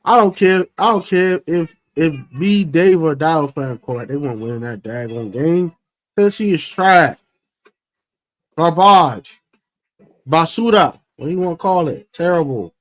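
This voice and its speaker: A man hosting a casual football podcast, brash and excitable, trash-talking teams and players. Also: on the high side, a little slow, dry recording. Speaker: podcast host. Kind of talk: casual sports podcast chat.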